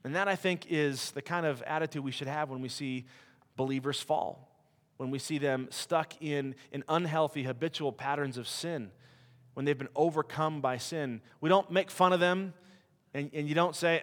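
A man's voice: a little high, brisk, fairly bright tone. A middle-aged man preaching a sermon as a missionary, conversational and self-deprecating as he tells stories. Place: church hall. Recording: long reverb of a church hall.

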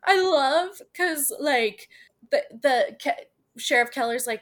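A woman's voice: high-pitched, lively intonation, slow. A woman co-hosting a podcast, chatting about a TV episode, giggling and reading from her notes. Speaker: podcast co-host. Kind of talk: casual TV episode recap chat.

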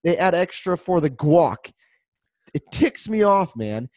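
A young man co-hosting a casual chat show, animated and jokey, laughing often. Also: fairly high pitch, a little slow, no room sound, studio quality. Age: young adult. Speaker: podcast co-host.

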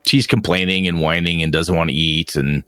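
A man's voice: deep voice, moderate pace, dry recording. Man, game master, rambling narration, dry close sound. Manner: relaxed, rambling with fillers.

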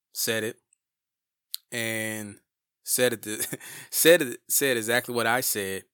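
Forceful, bright-voiced man speaking with passion. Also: lowish voice, clear, resonant tone, no echo, clean studio sound. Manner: passionate and emphatic, self-interrupting restarts. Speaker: community advocate. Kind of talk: personal storytelling.

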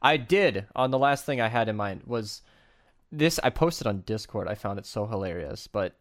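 A man chatting casually as a podcast co-host, rambling and animated, laughing often and swearing. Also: fairly low pitch, normal speed. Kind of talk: casual chat.

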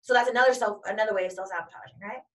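A woman's voice: mid-range voice, very fast, a bit bright, recorded from a distance. A woman giving an emphatic, repetitive motivational talk as a coach. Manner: emphatic and repetitive, piling up examples.

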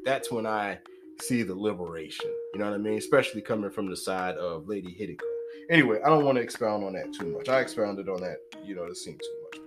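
A man casually retelling a movie plot in a rambling, profane way, packed with fillers and acted-out character lines, with music underneath. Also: medium pitch. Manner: rambling, profane, full of "like" and "you know"; acts out characters' lines mid-story. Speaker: film reviewer.

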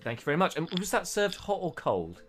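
A man's voice: fairly high pitch, very animated, fairly quick, a bit bright, faint music behind, pitched above the performer's own voice. A man voicing a redheaded woman barmaid who runs the inn, polite, flustered and stammering.

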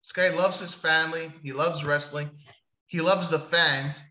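A man co-hosting a casual talk show, animated and jokey, swearing often. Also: on the high side, normal speed, reverberant, poor audio. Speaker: podcast co-host. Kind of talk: casual chat.

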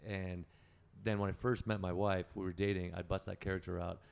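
Fast-talking gravelly man telling stories. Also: low-pitched, level tone, a little mellow. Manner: rambling, profane, self-correcting. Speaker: podcast guest. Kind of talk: casual chat, storytelling.

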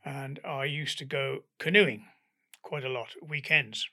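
Older British man, anecdotal guest, gravelly and bright, animated teller who acts out the dialogue. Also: medium pitch, a little slow. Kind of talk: anecdotal storytelling in an interview.

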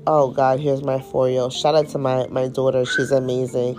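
Low-voiced woman chatting candidly on a podcast. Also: flat delivery, moderate pace, darkish tone, soft background music. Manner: candid, slangy, swears freely, rambling storyteller. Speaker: podcast host. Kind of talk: casual unedited podcast chat.

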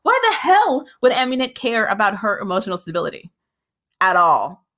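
A woman giving casual, opinionated commentary as a TV recap host, frank and animated, often jumping up in pitch when exasperated. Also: normal speed. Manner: frank and critical, with filler "like" and restarts.

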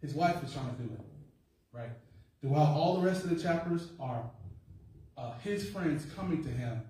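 A man's voice: on the high side, expressive, moderate pace, dark tone. Echoey, far-off preacher, a man. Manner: conversational preaching with call-and-response and rising emphasis. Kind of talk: sermon. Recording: echoey room, mic far off.

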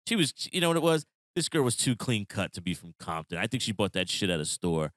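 Low-voiced animated New storyteller man. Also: fast talker, no room sound. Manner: animated, swearing, slangy storyteller. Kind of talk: casual storytelling chat.

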